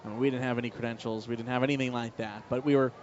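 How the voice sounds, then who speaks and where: A man calling a baseball game play by play, telling a relaxed personal story between the calls. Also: medium pitch, racing, slight background noise. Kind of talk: live baseball commentary mixed with personal storytelling. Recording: slightly muffled broadcast audio with faint ballpark ambience.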